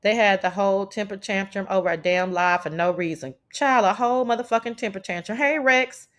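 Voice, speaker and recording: A woman's voice: medium pitch, fairly quick, fairly bright tone. A woman hosting a casual livestream chat, brash and profane as she talks back to her chat. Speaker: livestream host.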